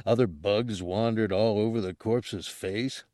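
A man narrating an audiobook in a steady, unhurried storytelling manner. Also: on the low side, no room sound, clean studio sound.

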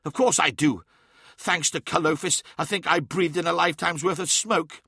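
Man doing an injured woman, snappish, sarcastic, raised pitch, bright crisp tone. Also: normal speed, no room sound, clean studio sound, exaggerated voice. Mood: snapping. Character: sharp-tongued injured young woman.

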